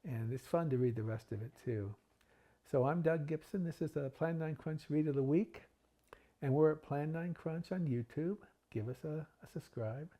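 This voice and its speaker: A man hosting a reading show, reading a poem aloud dramatically, building louder and higher on repeated refrains and dropping soft for casual asides. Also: moderate pace. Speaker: host reading poetry. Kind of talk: dramatic poetry reading with chatty intro and outro.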